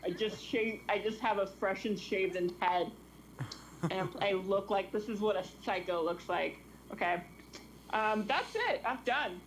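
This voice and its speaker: A man's voice: high voice, a little slow, heavy background noise. A man doing a rambling, self-deprecating stand-up set over a video call, often trailing off and restarting. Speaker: stand-up comic.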